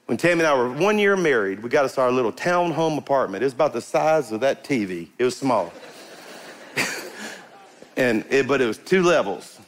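Fervent middle-aged preacher. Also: male voice, medium pitch, moderate pace, a little hiss or hum. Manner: animated, emphatic, rising to bursts of fervor, calls out to the congregation. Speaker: pastor. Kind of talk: sermon. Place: church sanctuary before a congregation.

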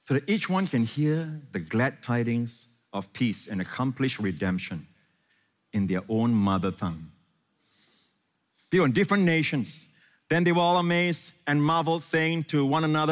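An impassioned male pastor delivers a sermon, his voice sitting at a middling pitch. He swings from loud, rising questions down to hushed reassurance. A long reverb from a large hall trails behind his words. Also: expressive, moderate pace.

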